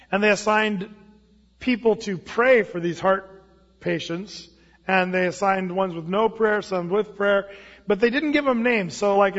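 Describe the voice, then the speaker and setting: A man preaching a sermon in a conversational storytelling way, often restarting phrases. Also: high voice. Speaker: pastor. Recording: dull lo-fi sound with long hall reverb.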